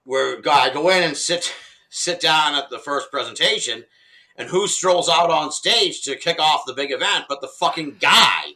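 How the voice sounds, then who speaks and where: A middle-aged man telling a story in casual conversation, animated and laughing often, with casual swearing. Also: on the high side, normal speed, low-quality recording. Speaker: podcast guest.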